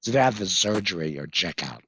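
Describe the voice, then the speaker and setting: A man with a deep, husky voice recounts his own experience as a guest, pausing often and circling back with fillers and restarts. The recording is dry and close, with no room sound around him. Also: animated, sharp tone, no room sound. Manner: halting, many fillers and restarts. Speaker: guest, patient mentor. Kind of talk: recounting a personal story in conversation.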